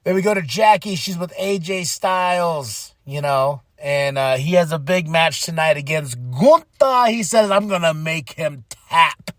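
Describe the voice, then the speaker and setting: A man hosting a podcast, recapping wrestling in a casual, excitable monologue and quoting people in quick voices. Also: fairly high pitch, dry recording.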